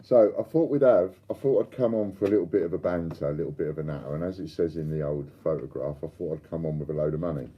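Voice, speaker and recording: A man's voice: rumbling low, fast talker, few pauses, muffled recording, slight background noise. An older man hosting a live stream, chatting and bantering with viewers and reading out their comments. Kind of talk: casual chat to live viewers.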